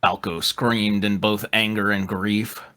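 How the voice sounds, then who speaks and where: Male narrator, comedic fanfic reading, steady, unhurried. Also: on the low side, heavy background noise.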